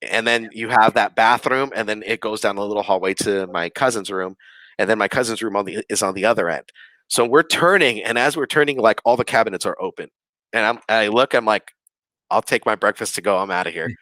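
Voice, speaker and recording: A man's voice: fairly low pitch, brisk, sharp tone, dry recording. A man, a podcast guest, telling a story casually, rambling with lots of fillers and acting out quoted dialogue. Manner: rambling, filler-heavy, with frequent "like" and "you know"; acts out quoted lines of dialogue. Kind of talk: casual storytelling of a ghost experience.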